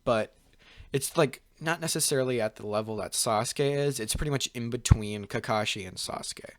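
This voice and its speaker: A man's voice: medium pitch, moderate pace, no room sound. A young man talking through a fan-made story off the cuff, looping back with filler words and restarting sentences as he goes. His voice is dry and close, with no room sound around it. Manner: rambling, full of "pretty much" and "like", frequent restarts. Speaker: channel host. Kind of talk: casual fan-fiction storytelling.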